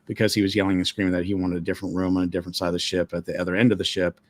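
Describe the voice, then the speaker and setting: Chatty low-voiced man telling a ghost story. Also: level tone, racing. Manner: chatty, many fillers, acts out quoted voices. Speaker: guest storyteller, former ship employee. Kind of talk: casual storytelling on a live stream.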